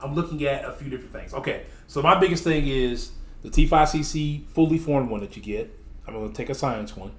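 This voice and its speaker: Man, game streamer, casual chat, sarcastic, laughs a lot, mid-pitched voice. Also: brisk, echoey room. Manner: animated, sarcastic, laughs often. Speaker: streamer host.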